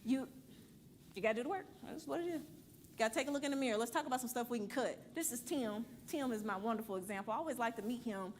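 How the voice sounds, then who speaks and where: A woman leads a money class in a church room, her voice sitting a little high. She talks blunt and playful, quizzing the group and pushing them to do the work. A faint hum of the room sits under her. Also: expressive, quick pace. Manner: blunt, playful, preachy, calls and asks the room. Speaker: financial class teacher at a church. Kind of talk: lively classroom teaching.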